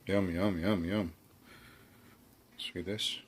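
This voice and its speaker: Man doing a deep slow murmur, quiet mock-savoring asides. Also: fairly even intonation, husky, heavily acted. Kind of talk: jokey live-stream cooking chat.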